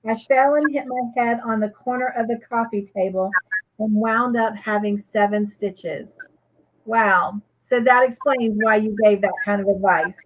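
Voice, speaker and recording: A woman's voice: on the high side, steady tone, moderate pace, dull audio. A woman co-hosting a live crochet show, chatting casually and reading viewers' comments aloud with gushing reactions.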